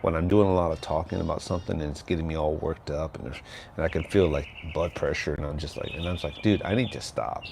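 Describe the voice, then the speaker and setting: Deep-voiced older man chatting. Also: flat delivery, quick pace, creaky, a little mellow, a little hiss or hum. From Texas. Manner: rambling and laid-back, often tags on "right?". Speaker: livestream host. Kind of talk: casual livestream chat.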